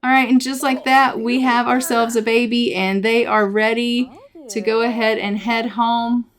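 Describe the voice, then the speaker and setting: A woman's voice: on the high side, level tone, moderate pace. A woman hosting a let's play, narrating a life-sim game in a chatty, upbeat way. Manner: chatty, upbeat, repeats filler phrases. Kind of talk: casual gameplay narration.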